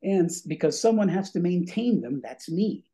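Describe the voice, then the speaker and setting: A man voicing a friendly White House picture framer who explains himself slowly. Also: sits high, lively intonation, mellow. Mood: explaining.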